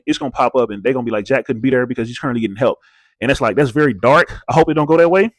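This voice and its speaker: A man's voice: medium pitch, no echo. A man hosting a reality TV recap channel, talking casually and bluntly with slang, swearing and rhetorical questions.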